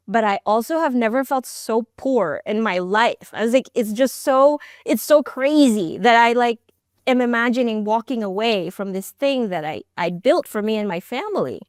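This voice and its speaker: Animated woman telling a personal story. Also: dry recording, studio quality. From immigrated to the United States. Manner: animated, acts out quoted dialogue with big pitch jumps. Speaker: podcast guest, startup founder.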